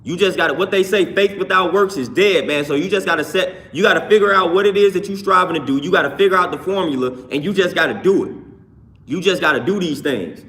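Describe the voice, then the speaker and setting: A man's voice: high-pitched, fast talker, sharp tone. A man hosting a livestream, talking to chat in a repetitive, preachy way. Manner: preachy, repeats phrases, greets chat by name. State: just worked out. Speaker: livestream host. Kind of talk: casual livestream talk reading chat.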